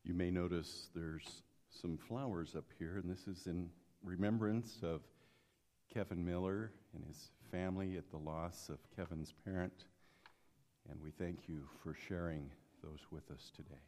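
A pastor giving a sermon to a congregation, telling stories, acting out the people in them and joking with the room. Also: male voice, low voice, steady tone, a little slow, dark tone. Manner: storytelling, acts out characters, jokes with congregation. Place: church sanctuary. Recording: long hall reverb.

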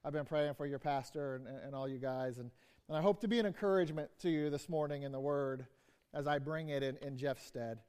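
A man with a high-pitched voice delivers a sermon as a guest preacher. He speaks haltingly, stumbling through restarts and fillers as he makes his points. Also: a little mellow, clear, resonant tone.

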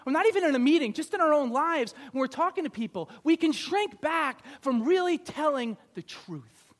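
A male pastor giving a conversational, animated sermon, acting out little scenes. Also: very high voice, a little fast.

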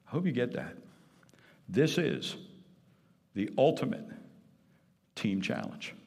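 A man's voice: medium pitch, big pitch swings, takes it slowly, vocal fry, darkish tone, breathy edge. A man preaching a sermon as pastor, emphatic, repeating key phrases and putting questions to the congregation. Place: church sanctuary. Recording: long reverb of a church hall.

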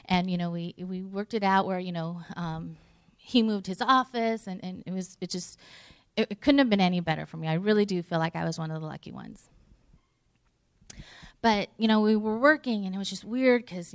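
A woman pastor talks through her sermon like a chat with the room, trailing off and restarting often, at times sinking to a soft near whisper. Her voice sits at a middling pitch. The recording is dry and close, with no room echo. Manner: conversational, many fillers and restarts; drops to a near whisper at tender moments. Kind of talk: sermon with personal story.

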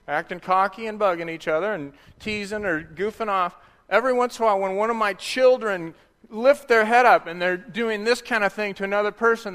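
Guy preaching a sermon, kinda high voice, long hall echo. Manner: drops to a soft, hushed voice for quiet reflection. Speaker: pastor.

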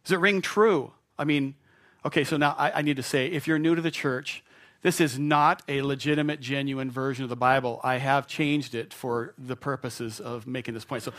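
A man's voice: medium pitch, fairly even intonation, moderate pace, a bit bright. A male pastor preaching a sermon in a church, conversational and playful, acting out the voices of doubters. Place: church sanctuary.

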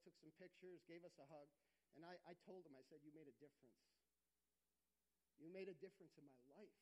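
A man's voice: high-pitched, darkish tone, poor audio. A middle-aged man preaching a sermon as pastor, earnest and conversational, often restarting his phrases.

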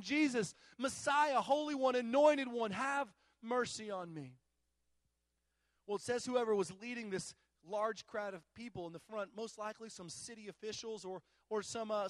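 A man with a notably high voice delivers a sermon, recorded dry with almost no room sound. He preaches with animated, emphatic bursts, then eases into quieter explanation. He often repeats words as he gathers his thoughts. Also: dry recording. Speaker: pastor.

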